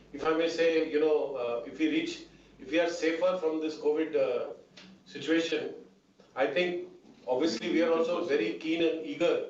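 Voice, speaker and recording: A high-pitched man answers shareholders in a formal meeting. He speaks in measured runs with lots of "you know". The audio is distant and echoey, with a muffled, dulled tone. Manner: measured, with many fillers and repeated "you know". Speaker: bank executive answering shareholders.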